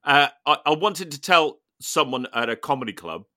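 A man hosting a podcast, telling a funny story in casual chat with animated, laughing delivery. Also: fairly high pitch, moderate pace, dry recording, studio quality. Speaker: podcast host.

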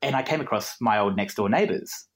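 A man's voice: fairly low pitch, a little fast. A young Australian man, a podcast guest telling a rambling, self-deprecating story with frequent laughs and asides. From Queensland, Australia. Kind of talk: casual conversational storytelling.

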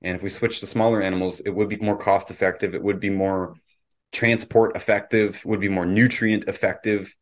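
Low-voiced opinionated man. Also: level tone, a little fast. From Canada. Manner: opinionated, lecturing. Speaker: podcast host. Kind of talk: casual podcast discussion.

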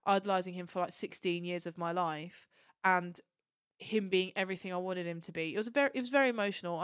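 A woman's voice: on the low side, quick pace, clean tone, no room sound, clean studio sound. A young woman co-hosting a podcast, telling stories in a gushing, emotional casual chat. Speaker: podcast co-host.

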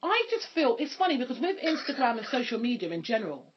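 A woman's voice: fairly high pitch, sing-song, fast, slight background noise. A woman co-hosting a podcast, chatting casually with slang and laughing often. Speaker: podcast co-host. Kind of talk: casual chat. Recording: dull lo-fi podcast recording.

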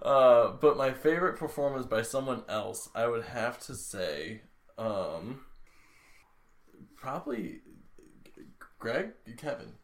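A man's voice: medium pitch, expressive, slow pace, long pauses, echoey room. A man who voices characters on the show, chatting casually and hesitantly. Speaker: podcast voice actor. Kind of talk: casual chat.

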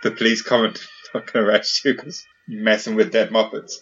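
A man's voice: fairly low pitch, level tone, brisk, a bit bright, breathy edge. Male podcast host, jokey and casual, slightly dull recording. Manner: jokey, asks questions and sums up. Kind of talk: casual chat.

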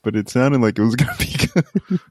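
A man's voice: mid-range voice, expressive, fairly quick, darkish tone, dry recording, clean studio sound. A young man co-hosting a podcast, joking and teasing in casual chat and laughing often. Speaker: podcast co-host.

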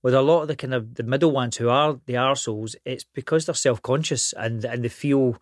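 A man's voice: mid-range voice, brisk, no echo. Scottish man in rambling chat, dry sound. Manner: rambling, swears freely, frequent restarts. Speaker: actor guest. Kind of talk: casual studio chat. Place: podcast studio.

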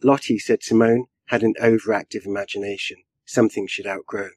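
A man, a writer, reading his own flash fiction aloud in a measured storytelling way with a dry wit. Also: lowish voice, level tone, a little mellow, dry recording. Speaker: writer and guest.

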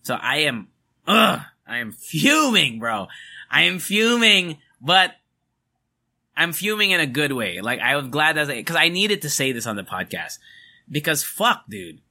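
A man's voice: on the high side, very animated, measured pace, pushed and bright. A young man hosting a podcast, ranting angrily and emphatically, swearing as he vents. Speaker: podcast host.

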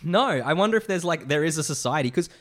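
A man's voice: a little high, expressive, fast, fairly bright tone. A man co-hosting a casual podcast chat, reading reviews aloud and laughing along. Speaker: podcast co-host.

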